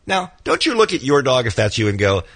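A man with a rough, sick-sounding voice, co-hosting a morning radio show and sarcastically mocking the news items he reads aloud. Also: medium pitch, sing-song, brisk, fairly bright tone, dry recording. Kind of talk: casual morning radio banter.

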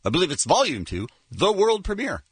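A man's voice: high voice, fairly quick, breathy edge, no room sound. A man co-hosting a morning radio show, chatting and joking with his co-hosts. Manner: animated, joking, chuckles often.

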